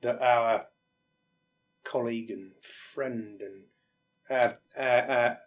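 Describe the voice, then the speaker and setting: A man from England talks in a reflective interview. He is a firefighter whose pitch sits in the middle range. His speech is candid and halting, and he sometimes acts out the conversations he quotes. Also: steady tone. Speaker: firefighter guest.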